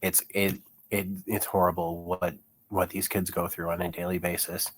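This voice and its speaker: A sick young man with chest congestion chats casually in a commentary vlog, reading comments as a YouTuber, chuckling often and rambling with plenty of fillers. His voice is deep and level at normal speed, with a little hiss or hum in the background.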